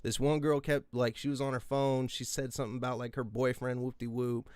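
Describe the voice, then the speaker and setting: A man in his twenties telling rambling, profane stories in casual podcast chat, breaking into yelled quotes. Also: mid-range voice, fairly quick, smooth, no room sound, studio quality. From US West Coast. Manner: rambling, profane, animated, yelling out quoted lines.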